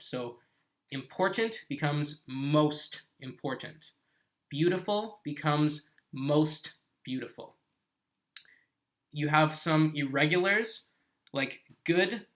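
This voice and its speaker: A man living on an island in South Korea teaches English grammar in a live-streamed lesson, his voice slightly high with a fairly bright tone. He explains patiently and often checks in with viewers by asking "okay?"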